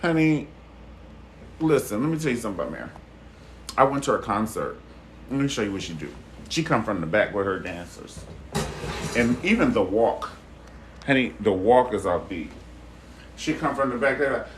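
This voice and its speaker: A man hosting a casual live chat stream with viewers. He talks in a sassy, expressive way, calls people honey and baby, swears freely and laughs loudly. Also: on the low side, moderate pace, long pauses, slight background noise.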